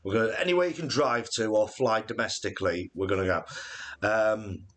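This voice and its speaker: A man's voice: fairly low pitch, brisk, fairly bright tone. A man in his late forties, co-hosting a live Q&A stream with a joking, rambling manner full of fillers. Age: 40s. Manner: jokey and rambling, with many fillers. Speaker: channel co-host.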